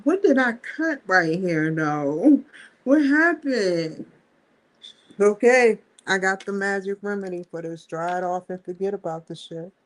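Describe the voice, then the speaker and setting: Woman, casual vlog host, chatty, laughs often, unhurried. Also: mid-range voice, expressive. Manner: chatty, addresses viewers as y'all, breaks into laughter. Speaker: vlogger and show host. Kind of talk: casual vlog talk to camera.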